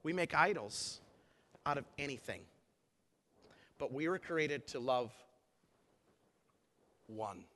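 A man's voice: medium pitch, lively intonation, slow, long pauses, a bit bright. A middle-aged man, a pastor, preaching a sermon in an emphatic, conversational way, full of rhetorical questions to the congregation. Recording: echoey hall with long reverb.

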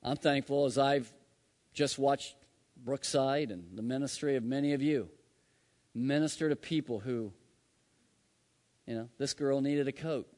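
A man preaching a sermon, telling a personal story with loud bursts that drop to hushed tones. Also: medium pitch, a little slow, pauses often. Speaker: pastor. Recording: long hall reverb.

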